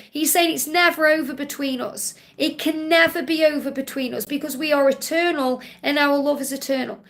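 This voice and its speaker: A woman with a high voice hosts a live-stream card-reading session and answers viewers' questions one after another. She speaks in a soothing, reassuring way and circles back to the same comforting phrases again and again. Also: a bit bright. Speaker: spiritual card reader hosting a live Q&A.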